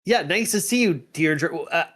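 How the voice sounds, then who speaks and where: A man's voice: a little high, animated, moderate pace, fairly bright tone. A man playing a tabletop role-playing game in character, grumbling and swearing in exasperation. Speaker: player.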